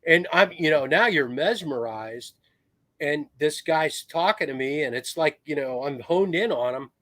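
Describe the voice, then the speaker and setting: A middle-aged American man, a retired Marine officer, telling anecdotes as a podcast guest with lively swings in his voice. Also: on the high side, unhurried, no echo. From United States. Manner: animated storyteller, swings into raised voice.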